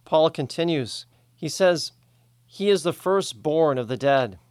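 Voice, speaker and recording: Man, sermon, slow deliberate delivery, slightly high voice, dry sound. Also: animated, a little mellow, no echo. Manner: slow, measured, deliberate preaching. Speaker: preacher.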